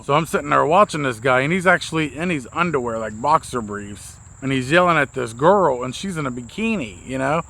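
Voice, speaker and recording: A man's voice: medium pitch, bright, forceful tone. A man telling a rambling, profane, self-mocking story to camera as a vlogger, outdoors. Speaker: vlogger, mobile mechanic.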